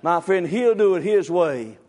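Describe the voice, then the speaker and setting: A man preaching a sermon, fervent and repetitive, breaking into shouts. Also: high voice, animated, a little slow.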